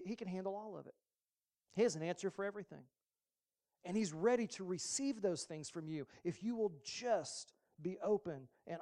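A male pastor giving a sermon in a relaxed, conversational way, slipping in humorous asides. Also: high-pitched.

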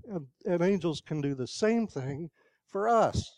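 A man's voice: fairly high pitch, animated, measured pace, darkish tone, dry recording, studio quality. An older man preaching a sermon in a conversational storytelling way, asking the congregation questions.

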